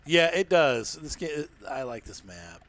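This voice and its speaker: A man hosting a casual gameplay session with a friend, jokey and quick to laugh, sometimes breaking into a line of song. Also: a little high, sing-song, a bit bright. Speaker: gaming channel host.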